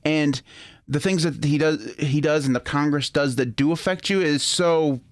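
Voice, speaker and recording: Man from Michigan with a Michigan accent, slightly high voice, laid-back podcast co-host who laughs easily. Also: moderate pace. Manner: laughs often, swears casually. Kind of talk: casual chat.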